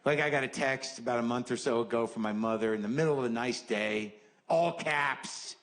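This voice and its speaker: A man's voice: mid-range voice, moderate pace, fairly bright tone. A man in his fifties doing a stand-up comedy set, ranting in a profane, exasperated way. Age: 50s. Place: comedy stage. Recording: noisy live stage recording.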